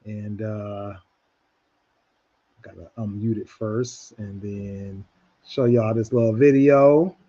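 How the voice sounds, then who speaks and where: A man's voice: on the low side, mellow, dull audio. A man hosting a talk radio show in casual chat, rambling with many restarts.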